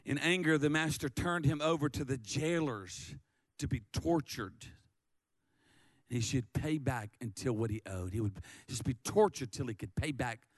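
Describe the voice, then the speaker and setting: A man preaching a sermon, animated and lively, often stammering and repeating words as he acts out the story. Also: medium pitch, a little slow, no echo. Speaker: pastor.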